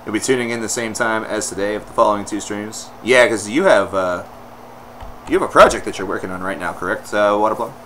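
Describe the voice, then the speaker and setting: A man's voice: fairly low pitch, brisk, fairly bright tone, slight background noise, rough recording. A man hosting a live song-request stream, chatting casually in a rambling way, greeting viewers and laughing often. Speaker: livestream host taking song requests. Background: music playing.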